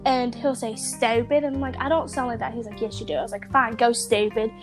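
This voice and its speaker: A woman's voice: a little high, racing, over music. A young woman with a Southern US accent, chatting casually and rambling on a podcast. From American South. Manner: chatty, rambling with many fillers. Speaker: podcast co-host. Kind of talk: casual chat.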